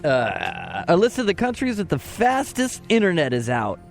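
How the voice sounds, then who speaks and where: Male co-host, dry headline reads, higher voice with lively swings, faint music. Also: moderate pace, gravelly. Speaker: co-host reading news items. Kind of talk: comedic news chat.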